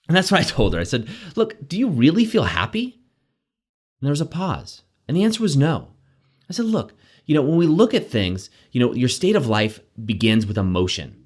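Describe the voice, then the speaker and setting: A man hosting a daily self-help show, giving an energetic, conversational motivational talk with frequent "right?" asides. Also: mid-range voice, brisk. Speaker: coach and show host.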